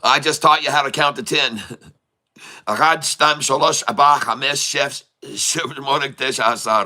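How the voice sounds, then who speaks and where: Speaking quickly at a medium pitch with a pushed, bright sound, a day-trading streamer laughs frequently and jokes while reading his chat. He then turns to urgent warnings, repeating them to viewers.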